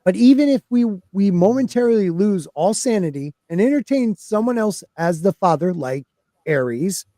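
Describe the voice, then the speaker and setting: This is a man hosting a casual podcast, reading fan theories aloud and hamming them up. His voice sits high but sounds soft and mellow. It is recorded close and dry, with little room sound. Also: lively intonation, normal speed, no room sound. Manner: playful, laughing, reads aloud with put-on emphasis.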